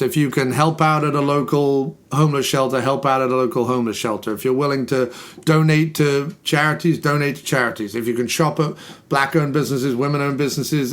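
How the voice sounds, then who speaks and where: A man hosting a podcast, talking in a casual, ranty way and repeating phrases for emphasis. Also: medium pitch. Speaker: podcast host. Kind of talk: casual chat.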